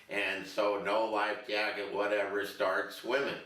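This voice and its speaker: A man's voice: fairly low pitch, a little slow, few pauses, bright, forceful tone. An older man telling a rambling, self-mocking story in a casual interview. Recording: roomy echo, distant mic.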